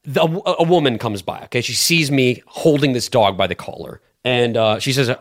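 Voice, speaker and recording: A man's voice: medium pitch, moderate pace. A man in his late twenties, a podcast guest, telling a story in casual chat, defensive and swearing often. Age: 20s. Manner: animated, defensive, swears a lot. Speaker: podcast guest and clip shooter.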